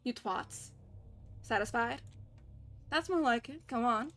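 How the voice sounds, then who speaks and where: A woman's voice: fairly high pitch, slow, fairly bright tone. Woman doing a swearing Southern gangster. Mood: bossy. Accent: Southern US, put on. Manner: gruff, bossy, swearing. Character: crude foul-mouthed gangster man.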